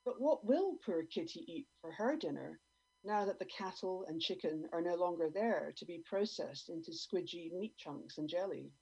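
A woman performing a dramatic spoken word piece, theatrical, swinging between loud and soft. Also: lowish voice, expressive, normal speed, breathy edge. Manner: theatrical, with sudden swings in loudness and pace. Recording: dull lo-fi radio recording.

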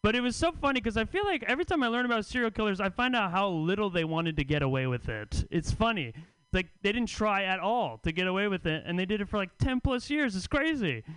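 A man doing stand-up at a comedy festival he helps run. His delivery is deadpan and teasing, with stammered restarts. His voice is high, bright and clear, close on a dry mic. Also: quick pace, no room sound, low-quality recording. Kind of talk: stand-up set. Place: comedy club stage.

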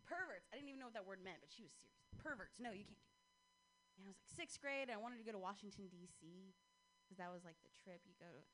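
A woman's voice: medium pitch, racing, fairly bright tone, slight background noise, rough recording. A woman performing a stand-up comedy set, talking conversationally with a self-mocking manner. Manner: conversational, self-mocking, drops into voices for quoted people.

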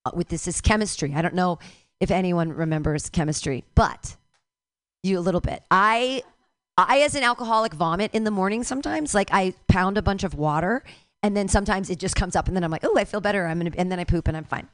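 A woman's voice: fairly low pitch, a little fast, dry recording, studio quality. A woman in her fifties doing a stand-up comedy set, rambling, irreverent and self-mocking.

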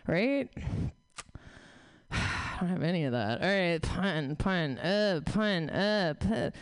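Woman stand-up, 30s, swears freely and mocks herself, smooth clear voice, dry mic. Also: fairly low pitch, animated, slow, dry recording. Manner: profane, self-deprecating, rambling. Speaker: stand-up comic. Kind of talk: stand-up set, casual riffing.

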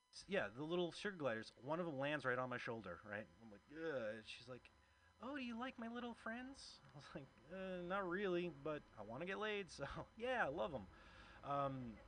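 A man's voice: medium pitch, sharp tone, a little hiss or hum. A man doing stand-up at a comedy venue, telling a story and acting out the quoted voices. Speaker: comedy show host and stand-up comic. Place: comedy venue, live audience.

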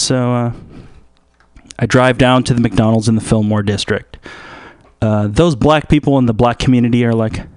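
A man's voice: medium pitch, measured pace, clear, resonant tone, no echo, clean studio sound. Rambling man on a comic radio show. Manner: rambling, deadpan, full of fillers.

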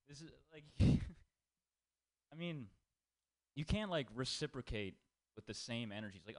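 A man's voice: mid-range voice, sing-song, normal speed. A young man doing a rambling, self-deprecating stand-up set full of swearing, at an open mic in a small comedy room. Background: small audience.

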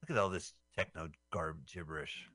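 A man's voice: rumbling low, normal speed, a crowd in the background. A man hosting a radio show, casually commenting on a film he is watching, full of puns and swearing. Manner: jokey, punning, swears freely.

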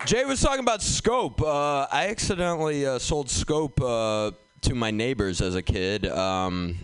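A man's voice: mid-range voice, lively intonation, measured pace, smooth, no echo. A man hosting a comedy show and telling a stand-up story in a loose way, with lots of fillers. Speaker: comedy show host and comic.

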